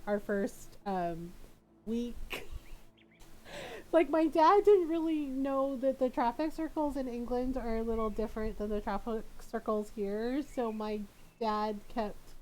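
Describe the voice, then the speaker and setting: A woman with a high voice tells a story on her game stream. She rambles along casually, looping back with lots of fillers. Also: a little mellow, low-quality recording. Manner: rambling, chatty, full of fillers.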